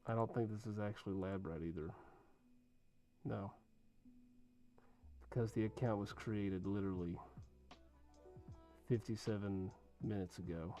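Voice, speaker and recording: A man's voice: fairly low pitch, fairly even intonation, measured pace, pauses often, warm tone. A young man streaming live, chatting casually with viewers and reading out usernames in a rambling way. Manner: chatty, rambling, talks to chat and reads usernames. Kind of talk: casual livestream chat. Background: faint music.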